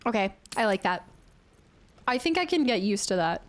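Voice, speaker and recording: A woman's voice: mid-range voice, big pitch swings, normal speed. A woman streaming a game in a chatty, playful way, thinking aloud and thanking viewers from chat. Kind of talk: casual gameplay commentary.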